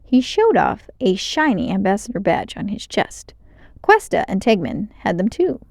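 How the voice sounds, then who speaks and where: A woman's voice: mid-range voice, normal speed, dry recording, studio quality. Woman reading a kids' book aloud. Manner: clear, expressive narration. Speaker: storyteller. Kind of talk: children's book read-aloud.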